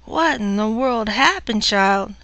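A woman voicing an older country mother-in-law who is stern and dismissive, her pitch raised and her manner brisk and scolding. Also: animated, a bit bright, dry recording, dull audio.

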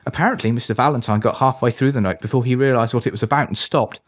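Smug older-sister type, raised pitch, teasing; male narrator voices her. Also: quick pace, lightly acted. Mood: gossipy. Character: teasing teenage girl, smirking older sister.

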